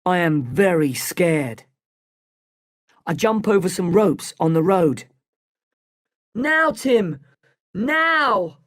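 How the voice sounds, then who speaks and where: A storybook narrator reading at a slow, deliberate pace, each sentence clear and separate. The pitch sits in the middle range with a steady delivery. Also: no echo, studio quality. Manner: slow, clear, evenly paced.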